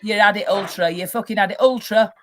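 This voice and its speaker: An adult married woman, mid-range in pitch and quick in pace, is furious as a live stream guest, with slight noise in the background. Her angry rant is full of heavy swearing and loud outbursts.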